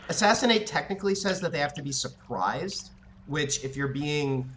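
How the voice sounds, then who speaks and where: A man's voice: on the high side, lively intonation, normal speed, fairly bright tone, slight background noise. A man running a tabletop game as game master, chatting casually and narrating, with frequent hesitations.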